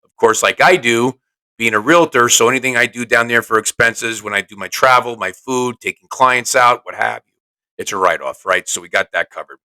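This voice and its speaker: Brief: chatty male podcast host, salesy and brash, mid-pitched. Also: normal speed, pushed and bright, poor audio. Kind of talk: casual solo podcast talk.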